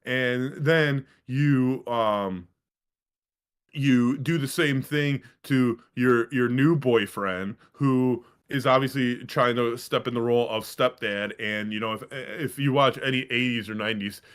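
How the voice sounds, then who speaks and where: A man co-hosting a casual podcast, telling a long story in a rambling, profane, animated way. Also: medium pitch, measured pace, smooth. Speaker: podcast co-host. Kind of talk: casual sports podcast chat.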